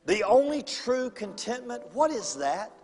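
A man's voice: extremely high pitch, big pitch swings, unhurried, a little mellow. A man, a pastor preaching an evangelistic sermon and calling people to the altar with fervent, repetitive urging. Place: large church auditorium. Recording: long reverb of a large hall with faint music.

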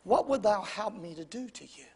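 A man voicing a calm, commanding holy man who speaks slowly and quietly. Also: high voice, slightly rough, in a large hall, heavily acted. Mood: solemn. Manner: slow, quiet and solemn.

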